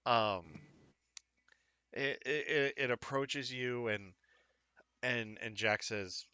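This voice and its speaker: A man's voice: medium pitch, takes it slowly, pauses often, bright, forceful tone, no echo. A man narrating as game master for a tabletop game, rambling and joking at his own expense with many fillers.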